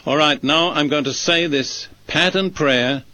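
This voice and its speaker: A male preacher delivering a sermon and leading a prayer, speaking slowly and deliberately, phrase by phrase. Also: a little high, bright, forceful tone, no room sound. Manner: slow, measured, deliberate phrasing.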